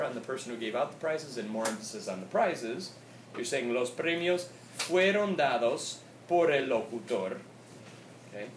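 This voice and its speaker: Male teacher, casual classroom talk, keeps checking "okay?", far off in a roomy, noisy space. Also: mid-range voice. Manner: casual, repeats "okay?" often, switches between English and Spanish. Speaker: Spanish teacher. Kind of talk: classroom grammar lesson. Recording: echoey room recorded from afar, with noise.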